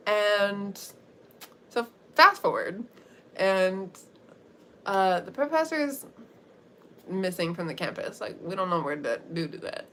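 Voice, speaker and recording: A woman's voice: medium pitch, very animated, slow, pauses often, fairly bright tone. A young woman livestreamer recapping a story in a chatty, slangy way, laughing often as she goes.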